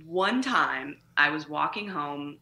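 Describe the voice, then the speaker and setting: A woman comedian chats and tells stories with lively profanity. Her voice sits low but sounds bright and forceful. The room around her rings with echo. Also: slow pace. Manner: profane, animated storytelling. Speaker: comedian, podcast guest. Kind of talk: casual chat, storytelling.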